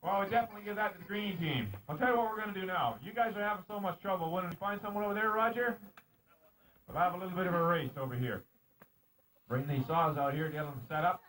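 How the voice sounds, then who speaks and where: High-voiced man teasing as a show emcee. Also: fast, fairly bright tone. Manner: joking, teasing announcer calling out race commands. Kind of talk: live show emceeing with banter. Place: outdoor show arena on a mountain. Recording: distant outdoor home-video sound.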